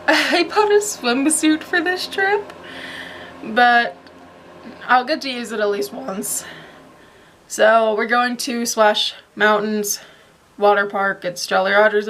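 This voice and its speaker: A young woman talks casually to a handheld camera at home, rambling from one thought to the next with small laughs. Her voice sits a little higher than most, with a faint hiss of room noise behind her. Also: fairly bright tone. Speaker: vlogger. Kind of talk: casual vlog chat.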